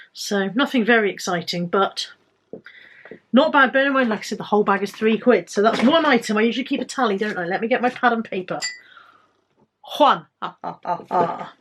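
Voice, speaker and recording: A woman's voice: a little high, a bit bright, a little hiss or hum. A British woman vlogging casually about items she bought to resell, chatty and rambling with self-corrections. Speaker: resale vlogger. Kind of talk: casual haul vlog.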